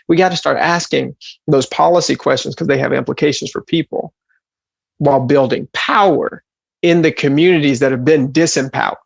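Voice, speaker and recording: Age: adult. Sex: man. Role: activist. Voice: gravelly, husky, fairly high. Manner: impassioned rhetorical questions. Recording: dry. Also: fairly quick, dry recording, dull audio. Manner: rhetorical questions, building to rousing emphasis. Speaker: environmental justice activist. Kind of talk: impassioned speech.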